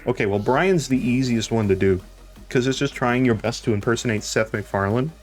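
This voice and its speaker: A man's voice: medium pitch, a little fast, faint music behind. A young man chatting casually on a live stream, rambling, laughing often and swearing now and then.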